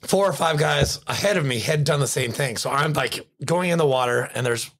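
A man's voice: fairly high pitch, a little fast, a bit bright. A man hosting a casual podcast chat, joking loosely and swearing while swapping old service stories. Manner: loose, joking banter with profanity.

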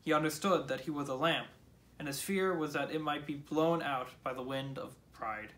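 A man leading a church's morning prayer, reading scripture and a sermon text in a measured, solemn way. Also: on the high side, a bit bright.

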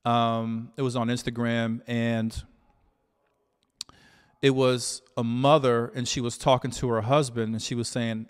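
A man with a smooth, resonant voice at a middle pitch talks in a measured, reflective way, often pausing on "you know." His voice carries a long reverb tail, as if the room rings after each phrase. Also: level tone. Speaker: relationship coach. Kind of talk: solo talk to camera.

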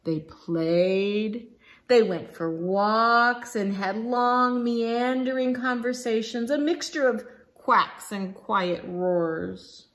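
A woman reading a picture book aloud for children, slow and expressive. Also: on the high side. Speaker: storybook reader.

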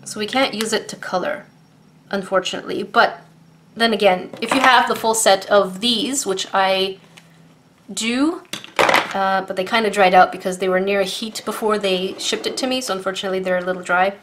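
A woman reviewing art supplies in a casual unboxing vlog, gushing and excitable as she talks to her viewers. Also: mid-range voice, moderate pace, slight background noise.

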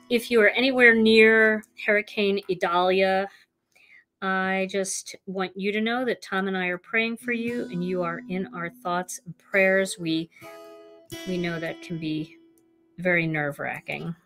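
Over soft background music, a woman hosts a live crafting demonstration, chatting with her viewers as she works. Her mid-range voice is fairly bright, unhurried, and fairly even in intonation.

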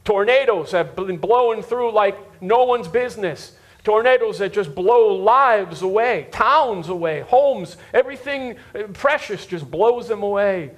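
High-voiced, slow preaching man. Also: lively intonation. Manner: repeats words for emphasis, talks to the congregation directly. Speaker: pastor. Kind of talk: sermon. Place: church before a live congregation.

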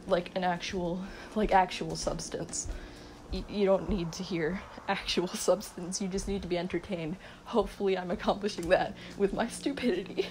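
A woman's voice: fairly low pitch, a little mellow, a little hiss or hum, low-quality recording. A young woman in her teens rambling unscripted into her phone at night, giggling, mumbling and sleep-deprived after staying up all night. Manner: giggly, self-mocking, mumbling. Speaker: vlogger. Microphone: phone mic.

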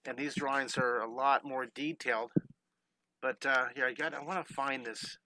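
A man's voice: medium pitch, fairly even intonation, normal speed, sharp tone, poor audio. A man teaching a live online drawing lesson, upbeat and encouraging, talking his students through each step and breaking into playful chants and sound effects.

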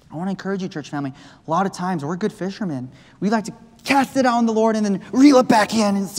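A man preaching a sermon in a church, impassioned, swinging between loud appeals and hushed pleas. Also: high voice, brisk. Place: church sanctuary. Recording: long reverb of a church hall.

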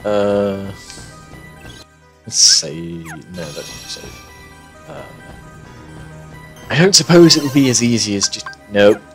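A man's voice: lowish voice, slow pace, long pauses, a bit bright, faint music behind. A man streaming a game over a headset mic, commenting casually with wry, reactive asides. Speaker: gameplay streamer.

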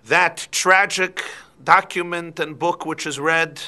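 A man, a rabbi, giving an evening class and telling stories in an animated way. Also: on the high side, slow pace. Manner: animated storyteller. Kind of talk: lecture with storytelling.

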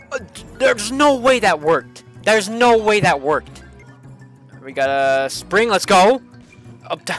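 A young man giving excitable, swearing commentary while playing a kart racing game, often jumping up into high yelps. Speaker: gaming channel host. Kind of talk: let's play commentary.

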